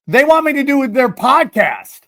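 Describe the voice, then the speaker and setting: A podcast host spins a comic anecdote, his voice sitting high for a man. He is animated and profane, acting out the people in his story. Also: moderate pace, crowd noise. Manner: animated, swears freely, acts out quotes. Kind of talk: comedic storytelling.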